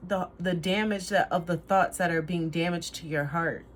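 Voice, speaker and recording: A woman's voice: fairly low pitch, moderate pace, hardly any pauses. A woman giving a casual tarot reading to camera, rambling, trailing off and laughing at herself. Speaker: tarot reader.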